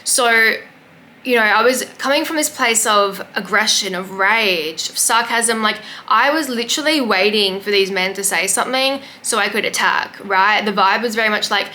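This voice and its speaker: A woman's voice: mid-range voice, moderate pace, bright, forceful tone, a little hiss or hum. A young woman, talking through a casual podcast monologue in a sassy, emphatic, chatty way with plenty of fillers. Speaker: podcast host.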